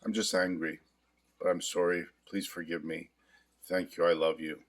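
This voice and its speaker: Very deep, flat-voiced man guiding tapping. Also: moderate pace. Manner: calm, confessional, repetitive affirmations. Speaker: hypnotherapist demonstrating tapping. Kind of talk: guided self-help demonstration.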